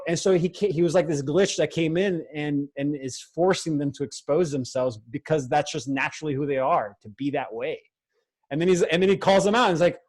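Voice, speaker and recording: A man's voice: on the high side, a little fast, darkish tone, poor audio. Rambling man in casual chat. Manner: rambling, many restarts and fillers. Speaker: podcast guest, film co-founder. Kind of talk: casual conversation.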